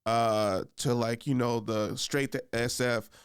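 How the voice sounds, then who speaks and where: A man's voice: mid-range voice, steady tone, slow pace, clean tone, dry recording, studio quality. A man hosting a podcast, telling a story casually in a loose, rambling way with many fillers. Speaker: podcast host.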